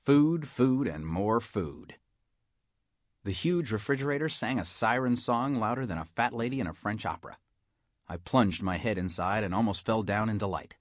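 A man narrating a children's story as a hard-boiled, wisecracking detective. His voice sits a bit low and comes across dry and close, with no room around it. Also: expressive, moderate pace, no echo. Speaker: audiobook narrator. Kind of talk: scripted first-person story narration.

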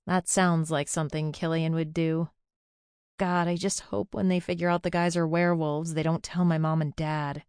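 A woman's voice: low-pitched, level tone, normal speed, darkish tone, clear, resonant tone, no room sound, studio quality. A young adult woman narrating a first-person audiobook in a chatty, confiding way.

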